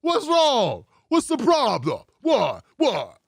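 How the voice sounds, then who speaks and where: A man putting on a pushy, dismissive old-school politician who keeps asking what's wrong, a raised, lively voice with big swings, loud and in-your-face, heard close and dry in a small room. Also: extremely high pitch, takes it slowly, vocal fry, breathy edge, no echo, heavily acted. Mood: mock-innocent. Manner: mocking exaggerated impression, repeating questions. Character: brash older male politician, dismissive and defensive.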